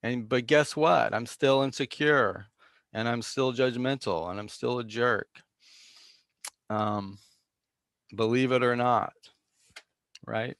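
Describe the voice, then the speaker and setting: Slow, gravelly-voiced Zen teacher. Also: male voice, medium pitch, steady tone, a bit bright, no room sound, clean studio sound. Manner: halting, with many fillers and restarts; self-deprecating and reflective. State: coughing now and then. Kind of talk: dharma talk.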